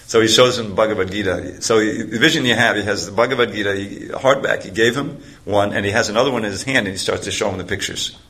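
A man with a fairly low voice tells a story during a talk. He rambles loosely from point to point. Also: fast, hardly any pauses, a bit bright. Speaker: speaker.

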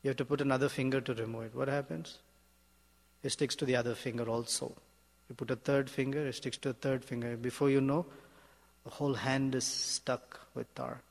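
A man delivers a sermon as a spiritual teacher, with a mid-pitched voice. He speaks in a measured, emphatic way and keeps asking his listeners rhetorical questions. His voice carries a long hall reverb. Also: little pitch movement, gravelly.

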